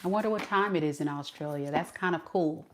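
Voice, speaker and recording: A woman's voice: low voice, fast, background noise. A woman from the southern US giving a live tarot reading, chatty and laughing often as she answers her chat. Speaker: tarot reader. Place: home at night.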